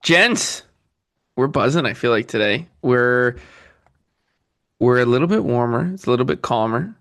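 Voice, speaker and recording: Chatty dude on a podcast, bright forceful voice, says like a lot. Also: male voice, mid-range voice, animated, moderate pace. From Northern Ontario, Canada. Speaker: podcast co-host. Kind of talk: casual sports podcast chat.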